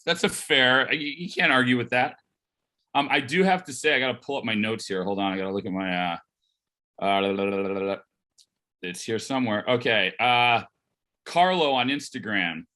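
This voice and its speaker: A man co-hosting a live podcast in casual chat, talking in halting bursts and repeating words as he restarts. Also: mid-range voice, bright, forceful tone. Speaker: podcast co-host.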